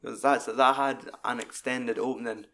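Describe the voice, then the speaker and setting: A man's voice: medium pitch, normal speed. Sweary man recapping a film. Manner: animated, sweary, acts out quotes. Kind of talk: casual film discussion.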